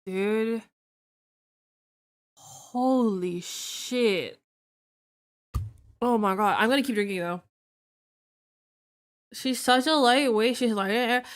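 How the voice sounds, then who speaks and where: Tipsy young woman on a chill drinking stream, kinda high voice, slow and rambly, swears lots. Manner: loose, swearing, sleepy and rambling. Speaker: vtuber streamer. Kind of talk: casual drinking stream chat.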